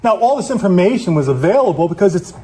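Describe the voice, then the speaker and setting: A man's voice: high-pitched, big pitch swings, quick pace, a little mellow. A man giving an angry, accusatory public comment speech, swearing as he denounces the police.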